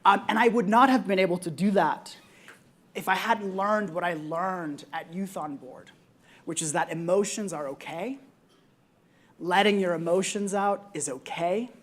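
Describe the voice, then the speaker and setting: A young woman's lowish voice recounts a personal story at a conference panel. She sounds earnest, with frequent ums and reflective pauses.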